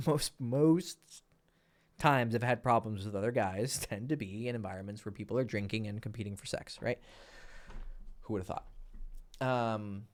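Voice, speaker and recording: A man, a dating coach, telling a story casually, animated, laughing and swearing freely. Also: lowish voice.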